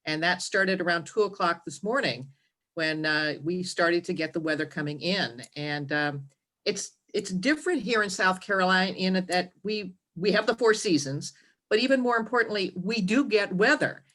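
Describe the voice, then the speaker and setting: A woman's voice: on the low side, normal speed, fairly bright tone. A woman in her sixties from California, co-hosting a casual chat in an effusive, chatty way. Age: 60s. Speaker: co-host.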